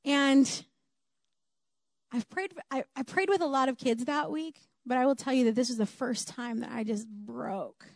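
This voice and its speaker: Woman preacher, high voice, slow deliberate sermon delivery, earnest and emphatic, dry close sound. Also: vocal fry, no echo. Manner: earnest, emphatic, repeating key phrases.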